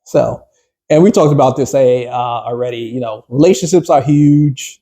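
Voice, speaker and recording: A man's voice: medium pitch, moderate pace, warm tone. A man, a business coach, giving a casual workshop talk to a small group, rambling with fillers and restarts and putting questions to the group.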